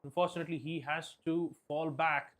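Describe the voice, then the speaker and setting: Analytical esports caster man, slightly high. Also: flat delivery, a little fast, fairly bright tone. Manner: analytical, hesitant with fillers. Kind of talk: esports color commentary.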